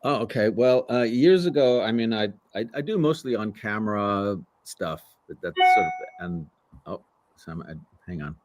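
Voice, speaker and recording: A man's voice: on the low side, normal speed, a little hiss or hum. A man in his sixties, a voice actor, telling stories in a casual interview and acting out the voices of people in them. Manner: animated storyteller who acts out voices. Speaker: voice actor guest.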